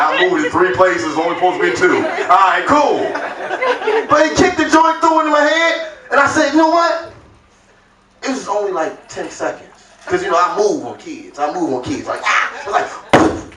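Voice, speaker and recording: A man performing a stand-up comedy set, telling a story loudly and acting out the voices of its characters. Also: very high voice, very animated, moderate pace. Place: comedy club stage. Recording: roomy club sound from a distant mic with crowd laughter.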